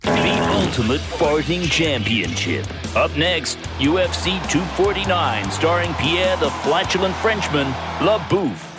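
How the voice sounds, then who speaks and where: A man's voice: fairly high pitch, very animated, a little slow. A man voicing an over-the-top male fight-promo announcer in a radio comedy sketch. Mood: hyped. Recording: voice-over with loud music.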